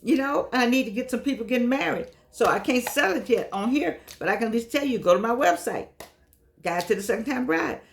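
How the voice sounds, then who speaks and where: An older woman chatting casually to her viewers in a vlog, lively and affectionate, wandering from one aside to the next. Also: on the high side, a little fast, gravelly, a little hiss or hum. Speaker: vlogger.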